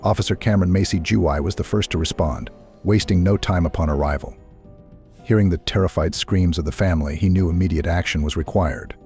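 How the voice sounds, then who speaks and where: A man giving scripted narration in a calm, measured storytelling manner. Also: low voice, soft background music.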